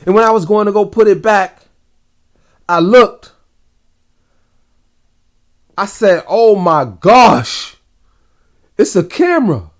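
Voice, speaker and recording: A man's voice: high-pitched, sing-song, slow pace, long pauses. Rambling man telling a dream story. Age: adult father. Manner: rambling, talks to viewers directly, slangy. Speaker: vlogger recounting dreams. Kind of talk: casual storytelling.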